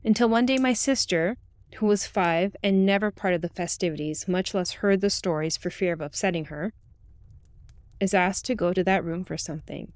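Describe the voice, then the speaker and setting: A woman reading a true ghost story aloud in the first person, with calm, steady storytelling. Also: fairly low pitch, moderate pace, no echo. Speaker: narrator. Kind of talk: scripted ghost story narration.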